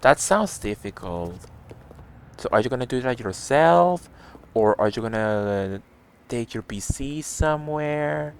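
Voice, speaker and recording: Slow-talking male game streamer. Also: mid-range voice, expressive, clean tone. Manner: chatty, reads chat messages aloud and answers viewers. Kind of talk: casual live-stream chat while playing.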